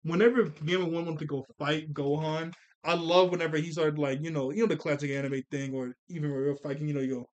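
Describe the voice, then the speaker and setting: A man's voice: a little high, fairly even intonation, quick pace, few pauses. A man reviewing an anime movie in a casual, rambling chat, with a lot of slang and frequent laughter.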